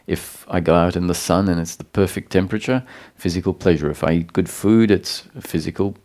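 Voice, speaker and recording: A man giving a satsang talk as a spiritual teacher, explaining calmly with pauses and restarts. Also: low-pitched.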